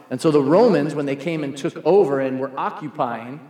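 A man preaching a sermon as a pastor, animated and acting out the voices he quotes. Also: on the high side, brisk. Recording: echoey hall, long reverb.

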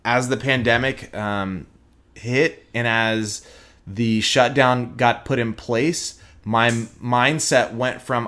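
A young adult man from Texas, speaking as an interview guest in an earnest, reflective way with frequent pauses and fillers. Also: mid-range voice, steady tone, a bit bright. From Houston, Texas. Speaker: guest, prosecutor.

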